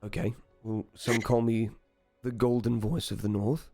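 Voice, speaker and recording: A man's voice: fairly low pitch, level tone, a little slow, gravelly, dark tone, dry recording, faint music behind. A man voicing a smirking human singer with a showy stage manner. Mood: smug. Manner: smug showman.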